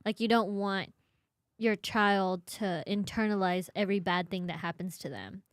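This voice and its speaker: Young woman chatting, lively and dry. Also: medium pitch, normal speed, dry recording. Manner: lively, laughs, uses "like" often. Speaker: podcast co-host. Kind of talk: casual chat.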